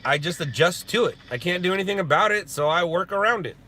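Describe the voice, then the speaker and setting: A man's voice: sits high, animated, quick pace, sharp tone. A man hosting a live stream from a parked spot, casually answering viewer questions and joking around. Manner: laid-back, joking, answering chat questions. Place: parked in a parking lot at sunset.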